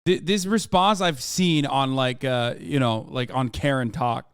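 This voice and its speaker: A man's voice: mid-range voice, measured pace, clean tone, no room sound, studio quality. A man with an American accent giving sarcastic, profane commentary while reacting to a video. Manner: sarcastic, profane, talks over the clip. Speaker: streamer reacting to an interview. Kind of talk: casual commentary.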